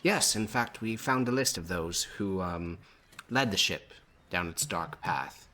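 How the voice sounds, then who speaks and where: A man's voice: deep voice, expressive, unhurried, bright, forceful tone, full character voice. A man voicing a scheming baroness. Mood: smooth, scheming. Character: scheming noblewoman, smooth and persuasive.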